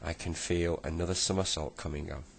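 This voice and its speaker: A man's voice: low voice, steady tone, fairly quick, gravelly. A man voicing Joe, a boy turned clockwork clown. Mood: earnest. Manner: apologetic, then cross.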